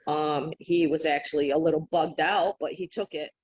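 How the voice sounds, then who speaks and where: A woman guest on a podcast, telling stories in an animated, casual way and laughing often. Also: sits low, moderate pace, breathy edge. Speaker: podcast guest, psychic healer. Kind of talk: casual interview storytelling. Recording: dull lo-fi remote audio.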